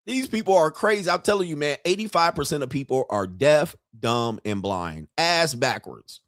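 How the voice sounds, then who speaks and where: A man's voice: on the high side, very animated, normal speed, no echo, studio quality. A middle-aged man hosting an online show, ranting in brash, profane and boastful commentary and laughing at his own jokes.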